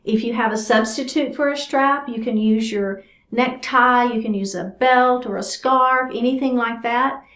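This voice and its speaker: A woman's voice: fairly high pitch, fairly even intonation, normal speed, fairly bright tone. A woman teaching a chair yoga class, giving chatty, encouraging cues while doing the stretches herself. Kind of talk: guided exercise class instruction. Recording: roomy echo.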